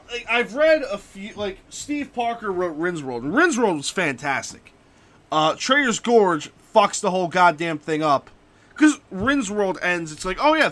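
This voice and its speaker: A young male streamer rants profanely in casual chat. His voice sits high and bright, and its pitch swings all over as he vents his opinions. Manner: profane, ranting.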